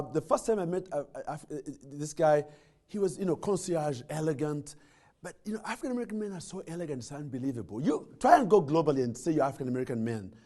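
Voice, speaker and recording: A man gives a motivational talk, his fairly high voice swinging widely as he tells a funny story. He jokes and restarts his phrases as he goes. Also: a little mellow. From Uganda. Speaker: guest speaker. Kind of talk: humorous motivational speech.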